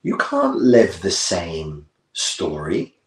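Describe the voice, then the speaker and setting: A man's voice: low voice, big pitch swings, very slow, reverberant, low-quality recording. A man talking bluntly and emphatically as a life coach, acting out bits of dialogue to make his point. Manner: blunt, emphatic, acts out therapist-client dialogue. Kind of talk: direct-to-camera talk.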